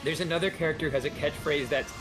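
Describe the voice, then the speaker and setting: Animated storyteller man with a higher voice. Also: very fast, music in the background. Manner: animated storyteller who mimics people. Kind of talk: casual storytelling chat.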